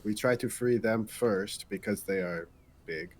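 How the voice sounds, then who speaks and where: A man player in a tabletop game, speaking haltingly and searching for words. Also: on the low side, a little mellow.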